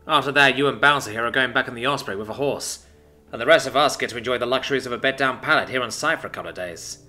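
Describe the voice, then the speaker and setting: A man voicing a gruff, practical male soldier who speaks bluntly and matter-of-factly, in a narrated sci-fi story. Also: mid-range voice, fast talker, sharp tone, soft background music.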